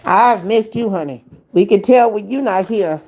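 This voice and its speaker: A woman hosting a casual live stream, chatting with her viewers as "y'all" and reading numbers out slowly. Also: mid-range voice, dark tone.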